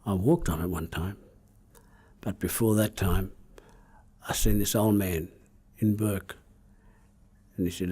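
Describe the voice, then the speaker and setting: A man with an Australian accent telling a traditional story in a measured, repetitive cadence that often sinks to hushed tones. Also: sits low, fairly even intonation, breathy edge. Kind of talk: oral storytelling.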